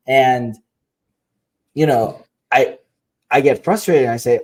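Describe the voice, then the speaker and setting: A man's voice: medium pitch, measured pace, pauses often, a little mellow. A man co-hosting a parenting podcast, telling stories in a wry, self-deprecating way and laughing at himself. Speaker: podcast co-host. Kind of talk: casual parenting chat.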